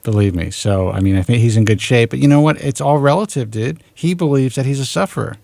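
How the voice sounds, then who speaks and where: A man's voice: medium pitch, quick pace, vocal fry, darkish tone, no room sound. A male radio host taking calls in casual, blunt banter, often restarting his sentences. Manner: blunt, swears, restarts a lot.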